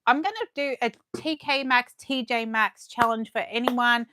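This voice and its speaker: A young adult Australian woman hosting a live unboxing, chatting warmly and gushing as she reads comments aloud. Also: on the high side, moderate pace, no echo, studio quality. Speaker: livestream host.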